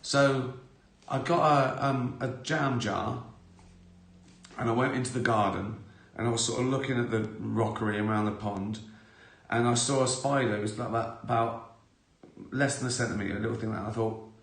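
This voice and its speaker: A man's voice: medium pitch, steady tone, normal speed, a bit bright. A man hosting a live stream, rambling through self-mocking anecdotes with the odd swear. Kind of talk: casual anecdotal chat. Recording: roomy echo.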